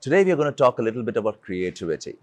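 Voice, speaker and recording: A man's voice: mid-range voice, sing-song, racing, a little mellow, no room sound. A man from India, giving an earnest motivational talk as a leadership speaker, telling a personal story and asking rhetorical questions.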